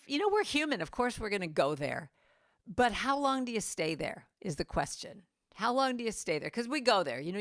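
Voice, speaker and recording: A woman speaks to a church congregation in an easy, conversational way, sometimes dropping into soft, tender asides. Her voice sits at an ordinary middle pitch. The sound is close and dry. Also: dry recording. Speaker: guest speaker and singer. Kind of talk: inspirational church talk. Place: church sanctuary.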